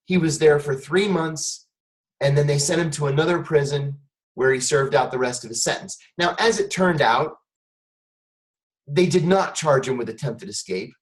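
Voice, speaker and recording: A middle-aged man, a guest on a talk show, telling a wry, animated story in conversation. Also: a little high, normal speed, rough recording.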